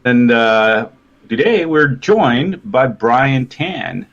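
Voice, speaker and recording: A man's voice: medium pitch, lively intonation, very slow, fairly bright tone, lo-fi sound, faint music behind. A man hosting a live chat show, talking casually with many fillers and laughs. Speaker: podcast host.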